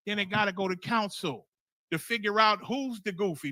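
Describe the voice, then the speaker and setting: A man's voice: sits high, moderate pace, bright, forceful tone, dry recording. A man leading a scripture study on a livestream, preaching in a fiery, blunt and profane way with emphatic repetition.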